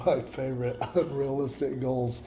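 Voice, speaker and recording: A man's voice: mid-range voice, mellow, a little hiss or hum. A man vlogging a reflective personal monologue, musing and repeating himself, with laughs at his own words.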